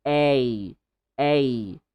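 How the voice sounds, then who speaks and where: A woman teaching English pronunciation, repeating sounds and words over and over, slow and deliberate, with playful asides. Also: very deep voice, dark tone, clean tone. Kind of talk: pronunciation lesson.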